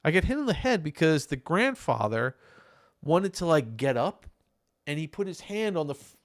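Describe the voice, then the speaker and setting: Ny guy cohost, high voice, super animated, acts out every quote. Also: normal speed, dry recording, clean studio sound. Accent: New York. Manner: animated storyteller, acts out quoted lines loudly. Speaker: podcast co-host. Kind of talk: casual chat over beers.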